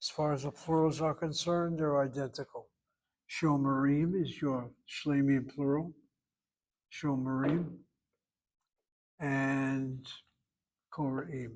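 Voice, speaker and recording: A man's voice: medium pitch, fairly even intonation, a little slow. A man teaching a Hebrew grammar lesson, patiently explaining verb forms and careful pronunciation.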